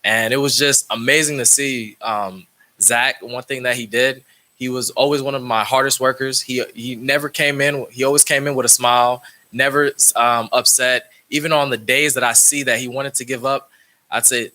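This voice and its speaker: Male coach, bright ringing voice, rambling storyteller with restarts. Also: medium pitch, fairly even intonation, moderate pace. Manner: storytelling, many restarts, acts out quoted dialogue. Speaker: track coach. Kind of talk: speech at a public meeting.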